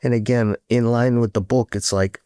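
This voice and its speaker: A man's voice: medium pitch, fairly even intonation, normal speed, dark tone, clean tone, no echo, clean studio sound. A middle-aged man talking as a podcast guest, frank and earnest, swearing freely as he tells his story. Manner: earnest storytelling with rising emotion. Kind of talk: candid casual interview talk.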